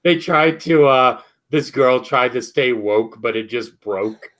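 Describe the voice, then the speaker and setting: A man's voice: mid-range voice, slow pace, a bit bright. A man co-hosting a casual review chat, chiming in with short dry remarks. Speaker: podcast co-host.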